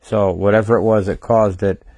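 A weary man speaks into his phone on a casual livestream. His voice sits low and barely rises or falls. He talks haltingly, with many fillers and restarts, in a close, dry sound. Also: flat delivery, a little mellow, no room sound. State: tired, short on sleep. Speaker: livestream host.

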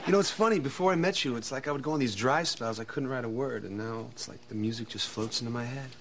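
A young actor playing a gentle, soft-spoken songwriter boyfriend in a sitcom. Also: male voice, medium pitch, fast talker, gravelly, slight background noise. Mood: tender. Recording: guitar music behind.

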